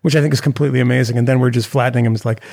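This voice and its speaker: A man with a gravelly, creaky edge to his voice talks casually on a podcast. He rambles and restarts often, jumping animatedly between asides at a middling pitch. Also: fairly even intonation, racing, a little mellow. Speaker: podcast co-host. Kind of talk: casual chat.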